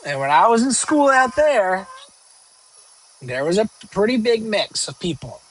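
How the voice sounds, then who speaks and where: Young male streamer, somewhat high voice, off-the-cuff rambling banter. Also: very animated, a little slow, breathy edge, rough recording. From northern United States. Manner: rambling, joking, with many fillers and restarts. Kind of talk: casual live-stream chat reading viewer questions.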